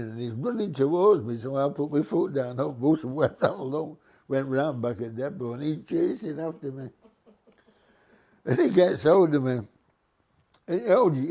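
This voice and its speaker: An older man telling a funny anecdote about his bus driving days, acting out other people's voices as he goes. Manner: lively, acts out voices of passengers with raised pitch. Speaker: storyteller, former bus driver.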